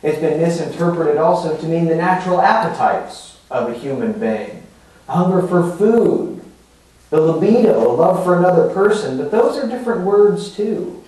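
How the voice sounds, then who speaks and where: A man's voice: fairly high pitch, expressive, moderate pace, warm tone. A man preaching a sermon as pastor, explaining scripture in a conversational teaching manner with fillers and rhetorical asides. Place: church sanctuary. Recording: echoey hall from far off.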